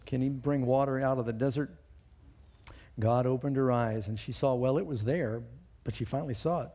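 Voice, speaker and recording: A middle-aged man delivers a sermon in a mellow, unhurried voice of middling pitch. He tells scripture passages and a personal story in a conversational way, lifting his voice when he reads verses aloud. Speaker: preacher.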